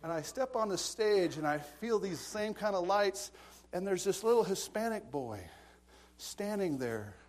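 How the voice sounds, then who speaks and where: A man preaches in an animated storytelling style, his voice pitched a touch higher than most men's. He drops into quiet asides and breaks into laughter as he tells his stories. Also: measured pace. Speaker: pastor. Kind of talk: storytelling sermon.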